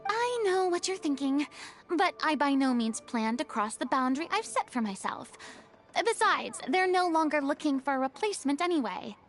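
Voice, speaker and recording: A woman's voice: high voice, very animated, moderate pace. A woman voicing a dramatic young former stage diva in a video game, speaking in a flowery, theatrical way. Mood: gracious.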